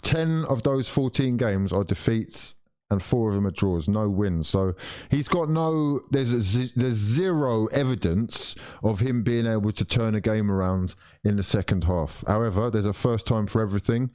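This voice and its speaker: A man hosting a live football watchalong. He swears freely, talks straight to his viewers and swings between frustration and excitement. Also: lowish voice, moderate pace, clear, resonant tone.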